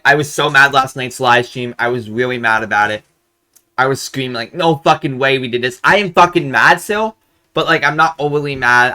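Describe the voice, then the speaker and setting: A man's voice: mid-range voice, bright, forceful tone. A young man hosting a hockey fan channel, ranting angrily and profanely about a draft pick, repeating himself. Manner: frustrated, profane, repetitive. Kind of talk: angry fan rant.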